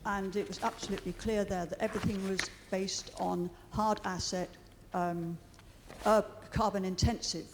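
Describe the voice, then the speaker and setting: A woman's voice: mid-range voice, fairly even intonation, normal speed, background noise. Woman, middle-aged, earnest public statement with hesitations, echoing chamber. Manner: earnest, hesitant with frequent ums. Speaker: water campaigner addressing a committee. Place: large meeting chamber.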